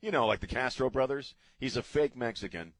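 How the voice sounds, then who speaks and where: A middle-aged American man hosts a talk radio show from a studio, ranting sarcastically and swearing casually in an opinionated monologue. His mid-range voice moves a little fast, captured on a studio broadcast mic with no echo.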